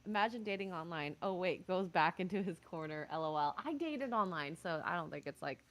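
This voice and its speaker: A woman streamer chats casually with friends during a livestream. Her pitch swings widely and she laughs often, keeping the talk animated and loose. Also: a little fast. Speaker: streamer host.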